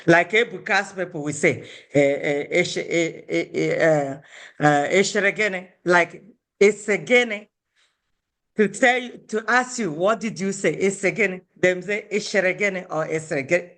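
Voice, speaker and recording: Woman teacher on a video call, explains slow and patient, says words over and over. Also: on the low side, a bit bright. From Owerri, Nigeria. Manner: explains patiently, repeating Igbo words and mixing them into English. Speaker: Igbo language teacher. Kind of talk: online language class.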